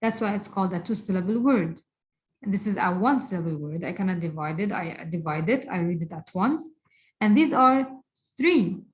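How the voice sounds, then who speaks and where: A woman teaching a recorded English grammar lesson, repeating words slowly and deliberately for her students. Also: lowish voice, lively intonation, low-quality recording. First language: Arabic.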